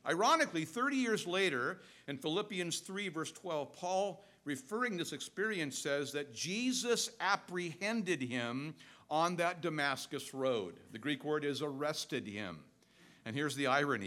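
A middle-aged male pastor preaching a sermon, animated and storytelling, swinging between loud and soft. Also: a little high.

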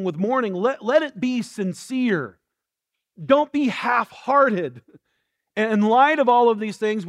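A man preaching a sermon in an earnest way, reading scripture softly and slowly. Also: high-pitched. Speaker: pastor.

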